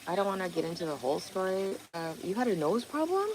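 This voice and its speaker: A woman with a medium-pitched voice talks fast and very animatedly while hosting a casual livestream outside by a pond. She rambles, swears from time to time, and answers viewers' comments aloud over outdoor noise.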